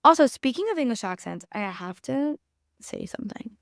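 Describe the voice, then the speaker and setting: A woman's voice: a little high, big pitch swings, normal speed, creaky, no echo, clean studio sound. A young woman hosting a podcast, giving blunt, opinionated takes in a casual recap and swearing freely. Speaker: podcast host.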